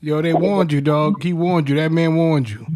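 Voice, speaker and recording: A man's voice: a little high, steady tone, normal speed, a little mellow. A man hosting a podcast, telling a story in casual chat, laughing constantly, swearing, and repeating himself. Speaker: podcast host. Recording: faint background noise.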